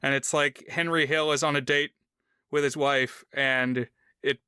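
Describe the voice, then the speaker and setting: Bright, crisp-voiced male podcast co-host. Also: mid-range voice, fairly even intonation, no room sound, clean studio sound. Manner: measured, asks discussion questions, reflective. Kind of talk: casual chat.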